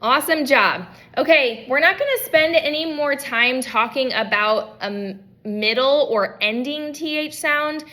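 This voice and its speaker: Leading children through at-home practice, this young adult woman, a speech language pathologist, pronounces words slowly and distinctly. Her voice sits high with a sharp tone.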